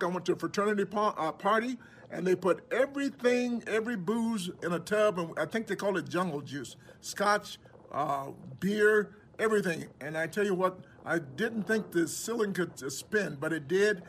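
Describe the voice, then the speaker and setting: Cheerful high-voiced man. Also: fairly bright tone, slight background noise. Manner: upbeat, cheerful, playful. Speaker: comedian recording a video greeting. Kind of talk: casual recorded message.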